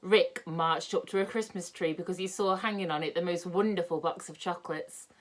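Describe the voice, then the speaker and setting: A woman reading a children's book aloud in a lively, expressive way. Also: on the low side, fairly quick. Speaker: storyteller.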